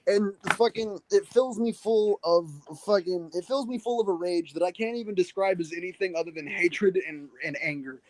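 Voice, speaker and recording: High-voiced man ranting, swearing. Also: normal speed, few pauses, heavy background noise. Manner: profane, exasperated ranting. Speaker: podcast co-host. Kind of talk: casual chat.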